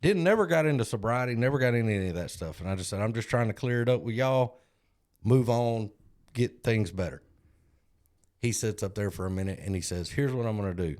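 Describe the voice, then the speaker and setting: A man's voice: lowish voice, expressive, a little fast, darkish tone. A man, co-hosting a podcast and telling a self-deprecating story in a casual way, acting out other people's lines. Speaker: podcast co-host.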